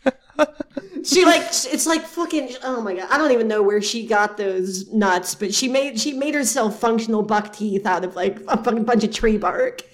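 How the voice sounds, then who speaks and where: A woman's voice: on the high side, moderate pace. Sex: woman. Role: podcast co-host. Style: casual comedic chat. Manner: rambling, full of fillers. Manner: rambling, lots of fillers and riffing.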